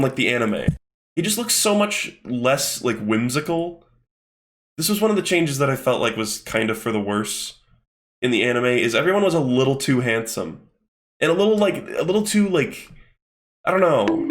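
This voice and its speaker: Skimming through a manga, a young host gives casual commentary in a mid-range, fairly bright voice. His talk is profane and rambling, loaded with fillers.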